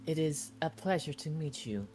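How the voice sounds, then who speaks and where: A calm built-for-purpose healer , played by a man in a tabletop game, speaking in stiff, precise, machine-like phrases. The voice sits a little higher and softer than his own. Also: normal speed, close to an everyday voice. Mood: formal. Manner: stiff, mechanical, formal phrasing. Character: calm formal male construct healer.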